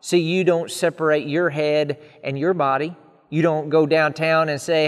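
Guy preaching a sermon, kinda high voice, long hall echo, stacks up his points. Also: steady tone, measured pace, clean tone. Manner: earnest preaching with emphatic repeated lists.

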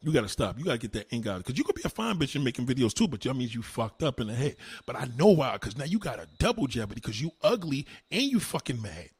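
A man delivering a heated, profane rant to the camera, swinging between low mutters and loud insulting outbursts. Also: very animated, fast talker, few pauses, breathy edge.

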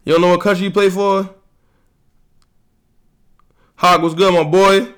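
A young man hosting a podcast, talking fast and heatedly, bragging and ribbing his friends in casual slang-heavy chat. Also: high voice, little pitch movement, a bit bright, smooth. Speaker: podcast host.

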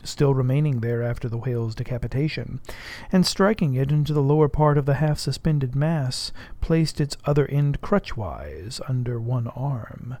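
A man reading a classic novel aloud as an audiobook, measured and at times hushed. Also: medium pitch, no room sound. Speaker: audiobook narrator. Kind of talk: literary audiobook narration.

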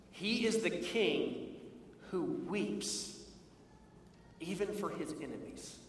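A man with a fairly high voice preaches a sermon, moving from a personal story to earnest teaching and slowing down to stress key lines. He is recorded from a distance in a large hall, with a long, ringing reverb. Faint room ambience sits underneath. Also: a little hiss or hum. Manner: storytelling, earnest, slows for emphasis. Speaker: pastor. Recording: echoey hall from far off.

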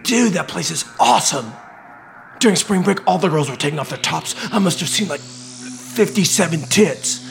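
A man doing a dopey, gravelly college slacker. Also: a little high, animated, normal speed, faint music behind. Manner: dopey, rambling. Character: dim-witted young male student slacker.

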